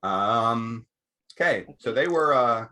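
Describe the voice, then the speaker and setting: A man narrating as game master of a tabletop game in a measured way, often pausing with fillers. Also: mid-range voice, expressive, bright, forceful tone.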